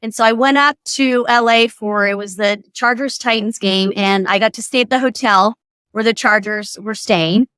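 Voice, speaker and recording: A woman in her forties, a podcast guest telling a story in casual chat, animated and acting out what people said. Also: on the high side, normal speed, clear, resonant tone, no echo, studio quality. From Southern California. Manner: animated storyteller, acts out quotes.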